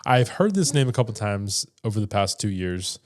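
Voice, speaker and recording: A man co-hosting a podcast in relaxed casual chat, filling his talk with "like" and "dude". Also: fairly low pitch, moderate pace. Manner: relaxed, chatty, says "dude" and "like" a lot. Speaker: podcast co-host.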